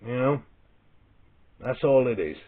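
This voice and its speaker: Husky Welsh man ranting. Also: mid-range voice, animated, unhurried. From Wales. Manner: blunt and sweary, with restarts. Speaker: vlogger and comedian. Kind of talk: rambling comic storytelling monologue. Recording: tinny phone-like sound.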